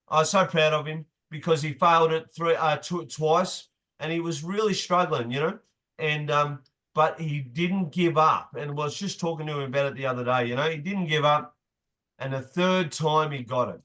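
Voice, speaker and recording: A man's voice: a little high, moderate pace, fairly bright tone. A man leading a motivational group session as coach, emphatic, repeating key phrases and swearing casually.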